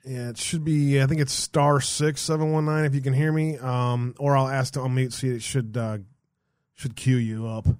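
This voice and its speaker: Male talk show host, casual, swears freely, mid pitch, dry close sound. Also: flat delivery, moderate pace, darkish tone, clean tone, no echo. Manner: laid-back, profane, jokey. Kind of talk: casual radio show hosting.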